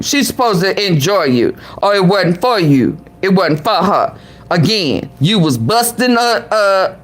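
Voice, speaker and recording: A woman vlogger giving reaction commentary, sassy and exclamatory, talking back at the clip she plays. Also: mid-range voice.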